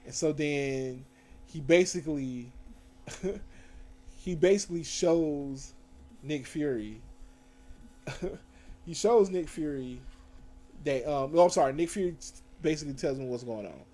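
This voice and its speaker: A man recapping TV episodes in a casual, slangy, animated way, full of fillers and self-corrections. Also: a little high, measured pace, long pauses. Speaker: TV show reviewer. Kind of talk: casual recap with acted quotes.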